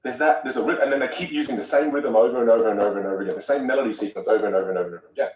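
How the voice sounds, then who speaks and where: A man talking as a vocal coach in a podcast conversation, animated and acting out example voices. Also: mid-range voice, racing, roomy sound, far from the mic, a crowd in the background, rough recording.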